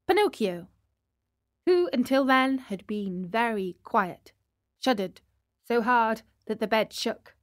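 A woman narrates a classic tale at a slow, careful pace for language learners. Her voice sits fairly high. The recording is close and dry. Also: expressive, dry recording. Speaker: storyteller. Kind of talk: slow storybook reading for learners.

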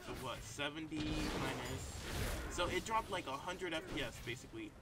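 A man's voice: a little high, moderate pace, very noisy. A man giving casual live commentary while playing a video game, exasperated and rambling, with frequent exclamations and fillers. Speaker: gameplay commentator. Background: game music.

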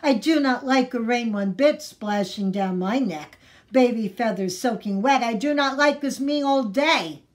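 A woman's voice: on the high side, expressive, unhurried. A woman voicing a cranky little duckling girl with a whiny, pouting voice. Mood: sulky singing.

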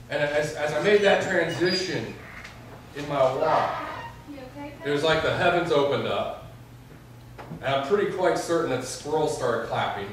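A man's voice: a little high, lively intonation, measured pace, pauses often, noisy background. A young adult man, a pastor, preaching an earnest sermon and telling stories with quoted prayers. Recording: echoey hall, mic far off.

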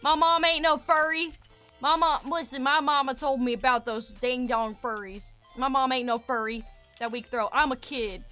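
A woman putting on a whiny, bratty southern kid boy who nags his mom loudly, as a comedic voice while streaming a game. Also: high-pitched, steady tone, moderate pace, faint music behind. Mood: indignant. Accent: Southern US, put on. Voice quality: whiny, loud and demanding.

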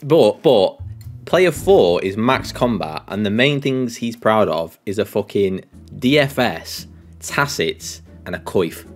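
A man's voice: on the low side, animated, slow pace, faint music behind. A man co-hosting a casual quiz show, teasing and swearing in disbelief. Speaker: co-host. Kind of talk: casual game-show banter.

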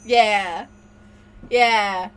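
A woman's voice: mid-range voice, steady tone, very slow, slight background noise. A woman hosting a gaming stream, giggling, swearing freely and thanking viewers as she plays. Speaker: streamer host. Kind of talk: casual gaming stream chat.

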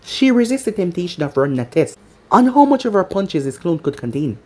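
A narrator reading a fan-fiction story aloud in an expressive way. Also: mid-range voice, a little fast.

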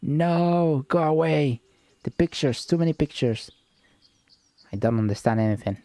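A man's voice: medium pitch, normal speed, mellow, no echo, close to an everyday voice. A man putting on a frantic, visionary fortune-teller. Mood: pleading. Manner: pleading, breathless outbursts. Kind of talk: let's play voice reading.

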